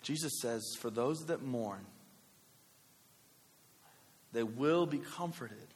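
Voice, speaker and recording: A man, preaching a sermon with a personal story, talking conversationally with animated asides. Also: mid-range voice, takes it slowly, slightly rough. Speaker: pastor. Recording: long hall reverb.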